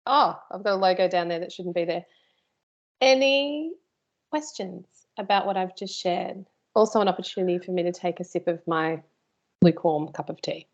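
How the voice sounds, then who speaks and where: A woman's voice: fairly low pitch, normal speed, lo-fi sound. A woman teaching a live workshop, chatty and informal, with playful asides to her host. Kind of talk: live online workshop presentation.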